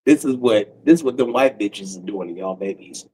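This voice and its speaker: A man in his forties doing a profane comedic rant on a livestream, breaking into cackles and swinging from loud outbursts to low mutters. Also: expressive, a little fast, background noise. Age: 40s.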